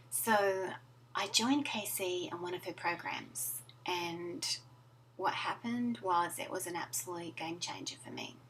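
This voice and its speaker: A soft-spoken woman talks to camera from her home office, her voice low-pitched and gentle, often sinking to a breathy near-whisper. The mic sits some way off, so she sounds a little distant, with a faint hum behind her. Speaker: life coach. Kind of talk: personal story to camera.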